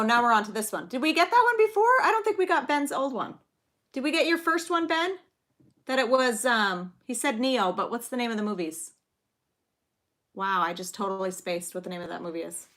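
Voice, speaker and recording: A chatty woman in her thirties hosting a live trivia stream for her viewers. Her voice is bright, forward and sits a little high. She giggles easily and wanders into small anecdotes between questions. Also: animated, normal speed. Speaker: livestream trivia host and mother. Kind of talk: casual live-stream chat.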